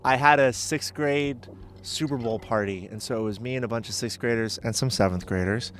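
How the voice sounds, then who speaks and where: A man's voice: medium pitch, a little fast, fairly bright tone, a little hiss or hum. A man chatting casually as a podcast guest, rambling and hesitant with lots of filler words.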